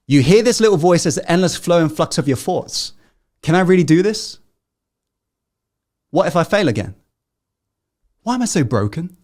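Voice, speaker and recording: A man giving a motivational masterclass to an audience, peppering them with questions and swinging between loud rallying and hushed intensity. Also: sits high. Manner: asks the audience constant questions. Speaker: self-help coach.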